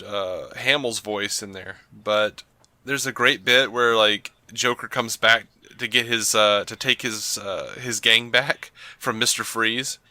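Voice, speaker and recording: A man with a lowish, very bright and sharp voice hosts a podcast. He chats loosely, fills his speech with ums and uhs, and laughs often. The sound is close and dry. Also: clean tone, dry recording. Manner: chatty, laughs often, many fillers. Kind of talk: casual chat.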